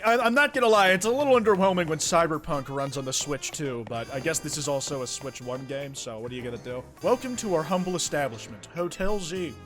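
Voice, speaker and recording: A young man giving gameplay commentary, profane and sarcastic, with excitable asides. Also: mid-range voice, fast talker, hardly any pauses, faint music behind. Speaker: gaming YouTuber.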